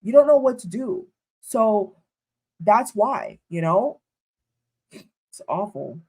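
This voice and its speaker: A woman's voice: medium pitch, lively intonation, slow pace, mellow, slightly rough. A woman giving indignant reaction commentary, addressing her viewers as "guys" and repeating herself. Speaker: commentary vlogger.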